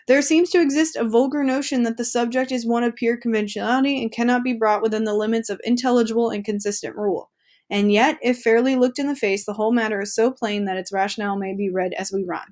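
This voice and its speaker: Lady teacher reading an article out loud for class, chatty and upbeat, bit high pitched. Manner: chatty, upbeat, asides to students.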